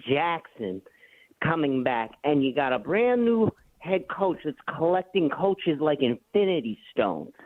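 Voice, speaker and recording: Caller: brash man with a New York accent, fairly high voice, tinny phone line. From the Bronx, New York. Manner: brash, mocking trash talk. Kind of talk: call-in sports radio chat.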